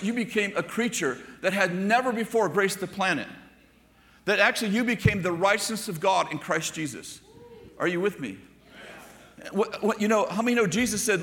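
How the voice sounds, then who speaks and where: Older male pastor, conversational storytelling sermon, bright tone, hall echo. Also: high-pitched. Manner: storytelling preacher, conversational asides to the congregation.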